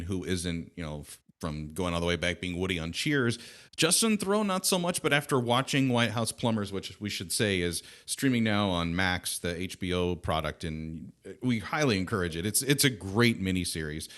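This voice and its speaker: A male host chats casually and enthusiastically with his guest. His voice is low but very lively in pitch. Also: brisk. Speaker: podcast host. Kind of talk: casual conversation.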